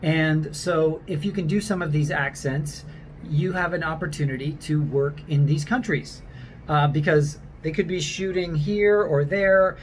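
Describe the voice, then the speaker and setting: Rambling coach. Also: male voice, a little high, measured pace, a little hiss or hum, rough recording. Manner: loose and rambling, with many ums and restarts. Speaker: accent coach for actors. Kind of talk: casual spoken video lesson.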